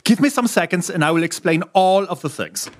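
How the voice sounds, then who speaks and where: A man's voice: high-pitched, animated, a little fast. A man acting in a sitcom, talking in quirky, mangled English idioms. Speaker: lead of a comedy series.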